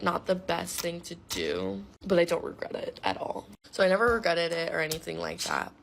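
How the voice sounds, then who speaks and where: A woman's voice: on the low side, creaky, fairly bright tone, a little hiss or hum. A young woman telling a school story in a casual, chatty way, blunt and full of swearing and filler words.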